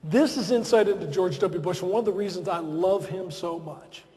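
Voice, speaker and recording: A man's voice: high voice, normal speed. A man giving a humorous, self-deprecating after-dinner speech at a podium in a large banquet hall. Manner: self-deprecating, lively storytelling.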